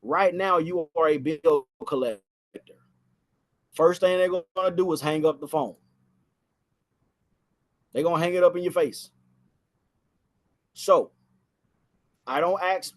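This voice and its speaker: A man's voice: fairly high pitch, measured pace, long pauses. A man giving a casual spoken training on phone sales, talking from inside a house and repeating phrases for emphasis.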